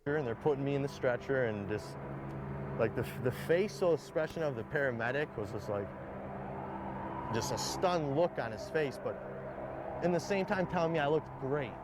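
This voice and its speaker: A man's voice: medium pitch, lively intonation, moderate pace, heavy background noise. A young man telling his own story candidly, rambling with lots of "like" and acted-out quotes. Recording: played clip with loud background music. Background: music.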